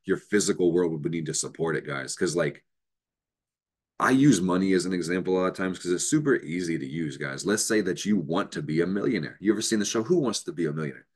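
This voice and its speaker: A man's voice: sits low, lively intonation, fast, slightly rough. A man hosting an astrology show, giving an unscripted motivational talk, emphatic and profane, with bursts of laughter.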